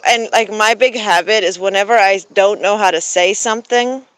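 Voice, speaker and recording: Speaking at a moderate pace in a smooth, mid-range voice, a backyard poultry vlogger chats informally to viewers. She's in her thirties, American but raised in Germany, bilingual in German and English, laughs frequently, and uses many ums and restarts. The low-quality audio has no room sound.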